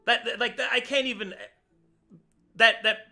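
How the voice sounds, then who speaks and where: Fired-up man ranting, bright high voice. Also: steady tone, normal speed. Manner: heated, swearing rant. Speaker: tabletop game player. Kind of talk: casual chat.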